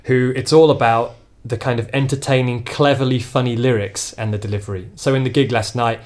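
A man's voice: mid-range voice, fairly even intonation, fairly quick, a little mellow. Chatty male podcast host. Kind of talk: casual podcast chat.

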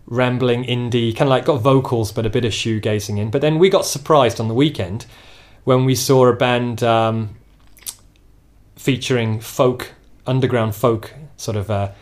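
A podcast host with a mid-range voice and fairly even intonation chats casually about local gigs at a moderate pace. He rambles and pokes fun at himself along the way.

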